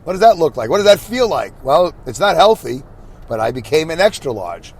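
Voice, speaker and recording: A man's voice: a little high, very animated, a little fast, a little mellow. A man from Brooklyn hosting a podcast, rambling in a self-deprecating way and talking to himself as he drives his minivan. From Brooklyn, New York. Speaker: podcast host. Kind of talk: rambling solo monologue while driving. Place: inside a minivan on the highway.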